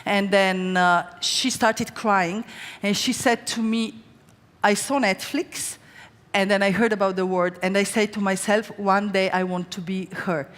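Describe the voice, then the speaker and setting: Chatty chef woman in a reverberant hall. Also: medium pitch. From Slovenia. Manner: chatty, fast storytelling with lively quoted voices. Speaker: chef giving a stage cooking demonstration. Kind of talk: live cooking demonstration and talk. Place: large event stage with audience. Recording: long hall reverb on stage.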